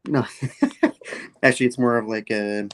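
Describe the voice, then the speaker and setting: A man's voice: mid-range voice, steady tone, measured pace, fairly bright tone. A man casually recapping a comic book story, rambling with many fillers and quoting the characters in passing. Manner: rambling, full of fillers and "he's like" quotes.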